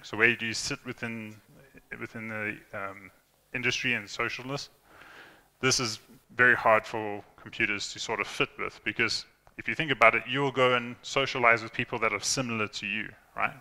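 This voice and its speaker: In a reverberant hall, a young man with a lowish, bright, forceful voice gives a casual tech talk to an audience. He is chatty, restarts often, leans on fillers, and acts out quoted lines as a conference speaker.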